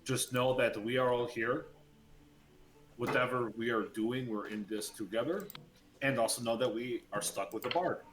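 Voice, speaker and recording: A man's voice: medium pitch, normal speed, fairly bright tone. Man talking in an echoey room. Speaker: player. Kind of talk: casual game table talk.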